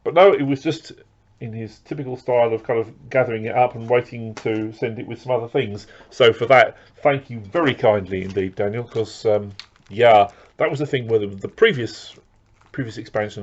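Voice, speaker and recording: A man's voice: lowish voice, steady tone, fairly quick, lo-fi sound. A man chatting casually as he unboxes record purchases, rambling with lots of fillers and restarts. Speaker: record collector vlogger.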